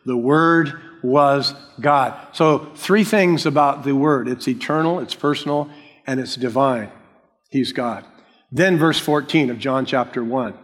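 A male pastor preaching a sermon, slow and emphatic, repeating key phrases. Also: medium pitch, big-room sound.

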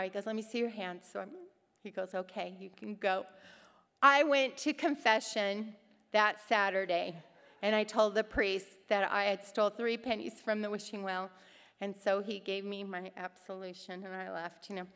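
A middle-aged woman teaching a women's Bible study, telling personal stories with lively voices for the people in them. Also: mid-range voice, moderate pace, clean tone, big-room sound. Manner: animated storytelling, acting out quoted voices.

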